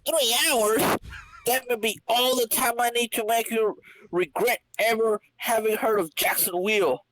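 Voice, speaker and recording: A man's voice: very high-pitched, fairly even intonation, measured pace, a bit bright, pitched above the performer's own voice, low-quality recording. A man voicing a ruined middle-aged businessman villain who laments melodramatically, in a comedic dramatic reading of a comic. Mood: defiant. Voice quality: melodramatic, self-pitying.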